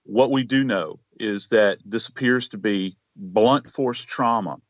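A man giving expert forensic commentary as a guest, speaking in a measured, deliberate way with some repeated words. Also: on the low side, a bit bright, no echo, lo-fi sound.

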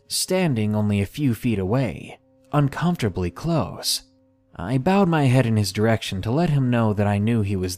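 A man with a mid-range voice reads submitted first-person scary stories aloud. His scripted horror narration is steady and measured.

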